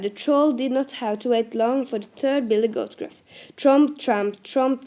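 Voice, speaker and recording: A woman's voice: on the high side, dark tone. A woman with a Norwegian accent, her first language Norwegian, reading a fairy tale aloud carefully, with slips.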